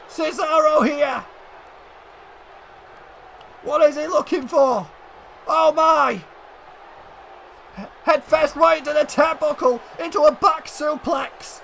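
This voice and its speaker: A man giving excited play-by-play commentary on a wrestling video game, often shouting and addressing the audience as ladies and gentlemen. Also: very high-pitched, slow pace, gravelly, long pauses, a little hiss or hum.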